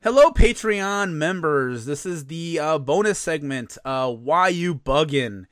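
A man's voice: a little high, lively intonation, measured pace, dry recording, clean studio sound. A man co-hosting a podcast, ranting casually and swearing freely. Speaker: podcast co-host. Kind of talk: casual rant.

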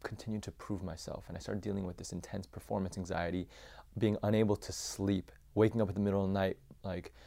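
Low gravelly-voiced man recounting his childhood. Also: mellow. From United States. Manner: reflective, halting, many fillers. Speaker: podcast guest, former youth pastor. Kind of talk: personal storytelling.

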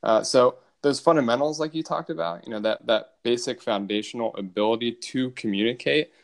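A man, an army officer, answering interview questions in a measured, explanatory way with filler uhs. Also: medium pitch, gravelly.

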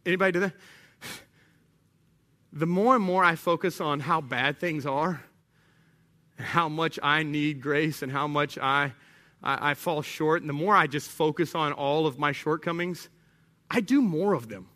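A man preaching a sermon as a pastor, conversational and animated, acting out little scenes. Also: on the high side, measured pace, pauses often.

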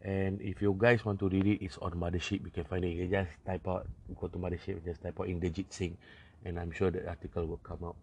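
A man's voice: low-pitched, flat delivery, fairly quick, hardly any pauses, darkish tone, breathy edge. A young man with a Singaporean accent giving casual, rambling political commentary, full of fillers and the odd swear word.

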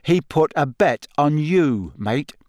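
A man voicing a cheeky teenage boy prankster who talks in a brisk, matter-of-fact way. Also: a little high, animated, a little mellow, no room sound, studio quality.

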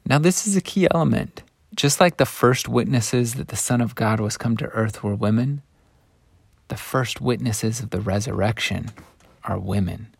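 A man teaching a scripture lesson, retelling the story in an animated way that swings between hushed and lively. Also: mid-range voice, normal speed, gravelly, breathy edge, no room sound.

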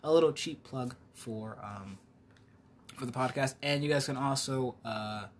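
A man co-hosting a podcast in casual chat, slangy and quick to laugh, often losing his train of thought. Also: mid-range voice, slight background noise. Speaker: podcast co-host.

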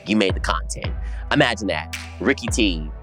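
A young man with a low, deep speaking voice tells a story to his co-host in casual podcast chat. He is animated and theatrical, dropping to hushed murmurs and then shooting up into high squeals. Music plays clearly in the background. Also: normal speed.

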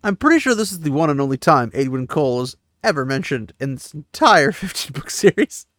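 A man's voice: a little high, big pitch swings, brisk, fairly bright tone, dry recording, clean studio sound. A man giving a casual chapter recap, paraphrasing the story and breaking in with offhand asides. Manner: paraphrases the text, mixing reading with offhand asides. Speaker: book series recap host.

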